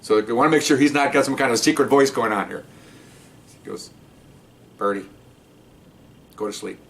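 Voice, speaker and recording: A man's voice: medium pitch, fast, fairly bright tone. Brief: older man, veteran cop, casual profane anecdote, mid-range voice, distant from the mic. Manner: rambling, profane, acts out the voices in his story. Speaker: retired police officer storyteller.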